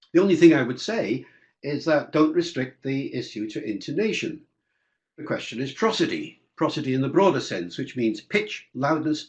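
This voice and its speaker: Older man explaining language, muffled. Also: mid-range voice. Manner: discursive, explanatory, with fillers and asides. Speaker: guest linguist answering questions. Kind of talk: webinar answering listener questions. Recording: dull lo-fi webinar audio.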